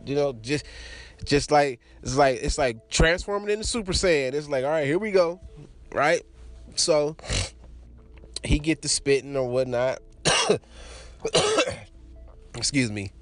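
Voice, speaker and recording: A man's voice: medium pitch, slow pace, long pauses. A young adult man casually telling a crude personal story, laughing often and acting out the voices of the people in it.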